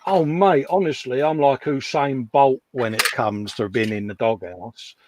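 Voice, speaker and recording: A man's voice: medium pitch, unhurried, noisy background. A middle-aged Englishman hosting a live stream, bantering in a self-mocking, joking way and laughing often. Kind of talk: casual banter.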